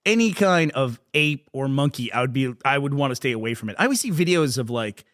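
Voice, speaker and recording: A man's voice: medium pitch, lively intonation, fairly quick, fairly bright tone. A man co-hosting a casual chat show, teasing playfully and laughing often. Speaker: podcast co-host.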